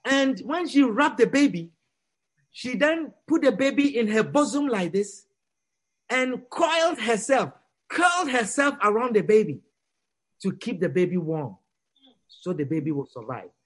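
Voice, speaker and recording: A man preaching to a congregation, telling a story dramatically and acting out the characters' lines, dropping to a hush and then rising almost to a shout. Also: high-pitched, expressive, measured pace. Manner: dramatic, swings from hushed to near-shouting; acts out quoted characters.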